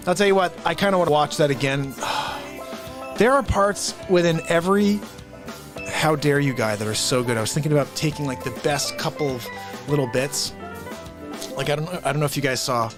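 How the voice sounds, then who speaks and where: A man hosting a live comedy stream, ranting in an animated way and swinging between shouts and whispers. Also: a little high. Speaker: livestream comedy host. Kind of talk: unscripted comedic rant.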